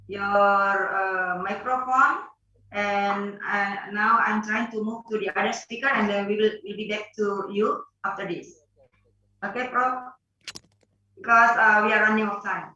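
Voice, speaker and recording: A woman's voice: mid-range voice, fairly even intonation, slow pace, sharp tone. A woman with an Indonesian accent moderating an online webinar, speaking hesitantly with many fillers and switching between languages. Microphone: video call. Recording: echoey, distant, dull with faint noise.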